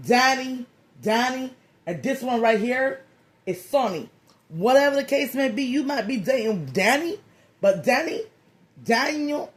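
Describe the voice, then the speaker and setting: A tarot reader giving a comedic reading in a loose, slangy, playful way, with profane jokes and lots of repeated phrases. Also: mid-range voice. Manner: profane joking.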